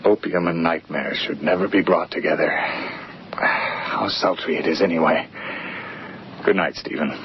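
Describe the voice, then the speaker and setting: An actor in a radio drama playing a refined gentleman, speaking in a polished, lyrical way. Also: extremely low pitch, unhurried, pauses often. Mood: reflective. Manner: polished, lyrical, slightly teasing. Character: refined, reflective young gentleman narrator. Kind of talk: 1950s-style BBC radio drama acting. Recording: dull lo-fi radio recording with faint hiss.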